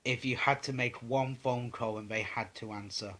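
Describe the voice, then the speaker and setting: A man's voice: medium pitch, steady tone, moderate pace, a bit bright. A young man answering viewer questions in a casual vlog, rambling and swearing with lots of "um"s. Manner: rambling, sweary, many fillers.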